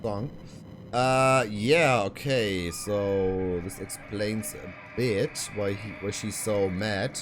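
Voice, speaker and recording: A man's voice: lowish voice, slow pace, music in the background. A man commenting casually on a game he's playing, thinking aloud with fillers. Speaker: let's play gamer.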